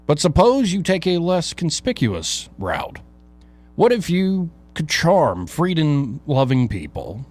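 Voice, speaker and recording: A male talk show host reading his own opinion piece aloud in an emphatic, rhetorical way, with dramatic pauses and casual asides. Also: medium pitch.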